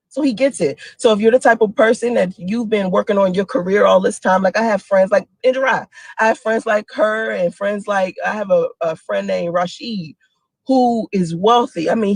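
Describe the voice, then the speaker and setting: Woman in her forties, lively storytelling, laughs often, dry close sound. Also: no echo. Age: 40s. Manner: animated, laughing, dramatic pitch swings. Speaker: single mother telling stories to a friend. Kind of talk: casual monologue video.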